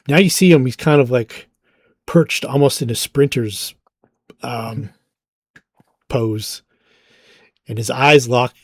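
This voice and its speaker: A man narrates as game master, casual and halting, full of small fillers. His voice sits at a middle pitch. The sound is dry and close, with no room around it. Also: no room sound. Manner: casual, hesitant with frequent ums.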